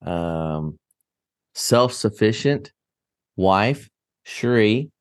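A man with a low voice co-hosts a casual podcast. He speaks haltingly and searches for his words, pausing often. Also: animated, clear, resonant tone. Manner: hesitant, halting, many fillers. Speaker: podcast co-host. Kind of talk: casual chat.

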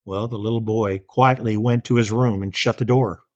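A man's voice: lowish voice, steady tone, moderate pace, no room sound, muffled recording. A man reading a story aloud and then teaching a Bible lesson in an earnest, plain-spoken way.

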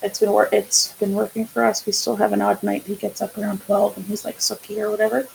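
A woman's voice: mid-range voice, flat delivery, fast talker, creaky, a little mellow, slight background noise, rough recording. A woman co-hosting a casual podcast chat, speaking candidly and swearing freely as she tells stories and acts out quotes. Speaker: podcast co-host.

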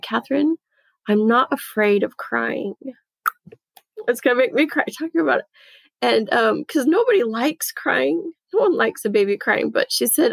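Woman with a gravelly voice telling her story. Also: medium pitch, no echo, poor audio. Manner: earnest, emotional storytelling. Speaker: guest. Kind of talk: casual conversation, personal story.

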